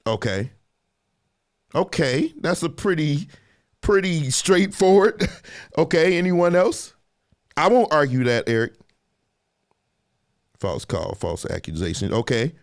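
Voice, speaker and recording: A man on the high side of pitch speaks slowly, with long pauses, while hosting a live discussion show. He keeps it animated and casual, reading viewers' comments and quizzing the audience.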